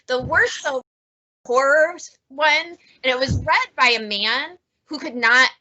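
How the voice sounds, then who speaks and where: A woman librarian hosting a casual book chat, talkative and quick to laugh. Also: high-pitched, bright, forceful tone, dull audio. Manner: chatty, laughs often. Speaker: librarian, segment host.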